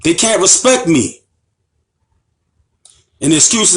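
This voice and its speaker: A man's voice: a little high, big pitch swings, unhurried, pauses often. An American man giving an impassioned lecture as an Islamic teacher, emphatic and repetitive, with rhetorical questions to his listeners. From United States. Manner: emphatic, repeats phrases, asks the audience rhetorical questions.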